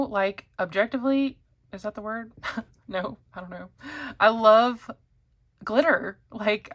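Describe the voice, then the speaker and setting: A woman's voice: medium pitch, fairly bright tone. A woman chatting casually to camera as a pen reviewer, rambling with many ums and likes.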